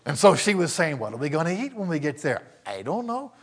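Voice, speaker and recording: A man preaching a sermon, telling a personal story, dropping to hushed asides and rising to shouted praise. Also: on the high side, sing-song, a little fast, hardly any pauses, breathy edge.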